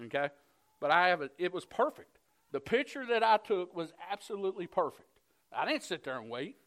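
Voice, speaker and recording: A middle-aged man preaching a sermon, telling a personal story earnestly, moving between hushed moments and fired-up passages. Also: sits high, sing-song, brisk.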